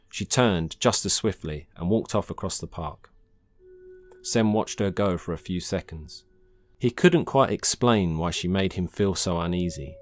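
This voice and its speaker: A man reading his own short science-fiction story aloud in a calm, measured narration. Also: low-pitched. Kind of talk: scripted narration.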